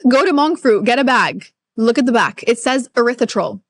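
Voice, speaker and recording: A woman's voice: on the high side, animated, fairly quick. A woman guest nutritionist in a casual interview, talking emphatically and firing off rhetorical questions. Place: Middle East.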